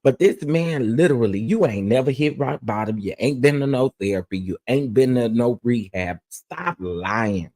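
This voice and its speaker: A man's voice: mid-range voice, lively intonation, normal speed, hardly any pauses, darkish tone. A man hosting his own commentary channel, ranting bluntly and emphatically and repeating phrases to press his point.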